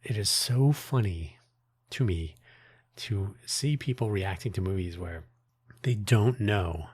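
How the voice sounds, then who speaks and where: Deep voice, husky, man, rambling solo podcast host, dry close sound. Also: expressive, slow, darkish tone, no echo. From United States. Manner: rambling and wry, with many restarts and asides. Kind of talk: casual solo monologue.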